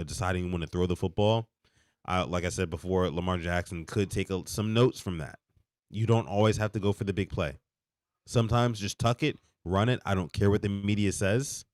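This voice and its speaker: Man, hoarse, under the weather, low voice, dry close sound, exasperated sports-stream ranting. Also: no echo. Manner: animated, exasperated ranting with repeated restarts. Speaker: podcast host. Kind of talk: late-night live sports reaction stream.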